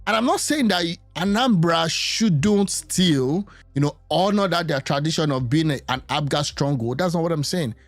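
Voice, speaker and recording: A man's voice: a little high, animated, moderate pace, hardly any pauses, no echo, soft background music. A man giving casual, musing political commentary, often repeating himself as he thinks aloud. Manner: musing, hesitant, repeats words.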